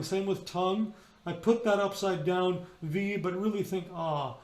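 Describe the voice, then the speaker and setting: A high-pitched man teaches a choir how to shape their sounds, stopping again and again to demonstrate a vowel or consonant aloud. His voice rings out in a roomy, echoey space. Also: unhurried, darkish tone. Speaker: choir director. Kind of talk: rehearsal teaching on singing diction. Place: indoors, remote rehearsal video.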